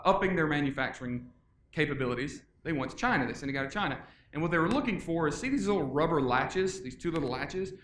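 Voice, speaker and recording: A middle-aged man giving a casual, energetic conference talk, joking with the audience. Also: mid-range voice, a little hiss or hum. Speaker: conference speaker. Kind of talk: live presentation. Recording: echoey conference room.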